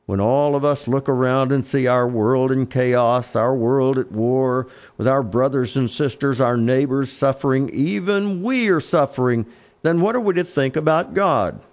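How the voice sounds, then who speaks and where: A man with a Texan accent preaching a sermon, reading scripture in slow, emphatic phrases. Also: medium pitch, darkish tone. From Texas.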